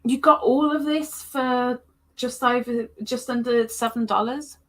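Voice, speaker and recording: A woman hosts a relaxed crochet livestream, her voice sitting a little high. She talks at an unhurried pace, playful and chatty as she greets viewers and teases her pets. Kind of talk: casual livestream chat.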